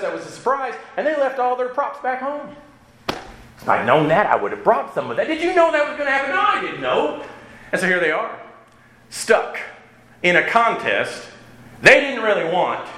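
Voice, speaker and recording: Casting: animated male pastor, chatty sermon full of rhetorical asides, echoey room. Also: sits high. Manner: conversational, rhetorical asides like "right?".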